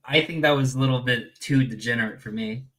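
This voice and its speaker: A man's voice: medium pitch, a little fast, a bit bright. A man in his twenties talking as a guest in a hesitant, rambling way. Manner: hesitant, rambling, frequent fillers and laughs. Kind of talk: casual chat.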